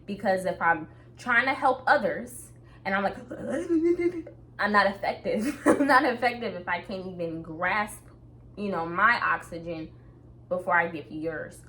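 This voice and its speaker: A woman's voice: mid-range voice, animated, unhurried, pushed and bright. A young adult woman talking casually to her viewers in an upbeat, motivational way, often laughing. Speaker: vlogger. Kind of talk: casual talk to camera.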